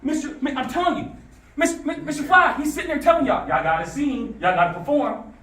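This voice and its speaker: A man giving a motivational talk to students, telling stories in a lively call-and-response way. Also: very high-pitched, a little fast. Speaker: motivational speaker. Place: school classroom. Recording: echoey room from far off.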